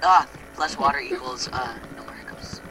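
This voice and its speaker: A young man co-hosting a gaming video, joking and excitable and blurting out what he finds, while he has the hiccups. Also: mid-range voice, normal speed, a little hiss or hum, low-quality recording. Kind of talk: casual gameplay chat.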